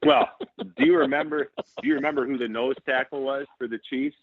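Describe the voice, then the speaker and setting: A man from Saint Paul, Minnesota, a former football center, telling animated stories with laughs and restarts. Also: mid-range voice, a little fast, no echo. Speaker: former NFL center, guest. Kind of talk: casual storytelling. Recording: tinny phone-like line, dry.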